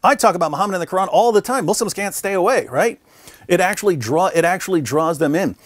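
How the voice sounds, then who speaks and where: Animated storytelling man, dry close sound. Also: high voice, fast, no echo. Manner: animated storyteller, acts out quoted voices. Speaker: guest, Christian apologist. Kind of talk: conversational interview storytelling. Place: conference venue.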